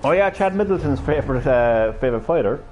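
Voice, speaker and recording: A man's voice: mid-range voice, expressive, a little fast, muffled recording, over music. A man live-streaming a fighting game, chatting casually, rambling and swearing freely as he plays. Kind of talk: casual gameplay commentary.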